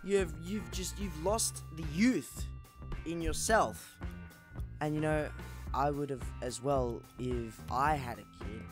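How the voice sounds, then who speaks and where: A man's voice: on the high side, slow pace, over music. A man co-hosting a casual gaming stream, rambling and swearing in mock-scolding banter. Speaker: podcast co-host.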